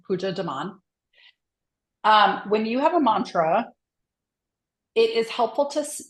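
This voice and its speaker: This is a woman guest on a podcast, an executive coach who talks in an earnest, reflective way and often slips in "like". Her voice sits mid-range, and the room around her rings with noticeable echo. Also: mid-range voice. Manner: earnest, thoughtful, often says "like". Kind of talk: reflective podcast interview talk.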